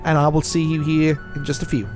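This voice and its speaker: A man hosting a podcast, chatting casually in an animated, joking, opinionated way. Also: a little high, brisk, music in the background. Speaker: podcast host. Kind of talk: casual chat.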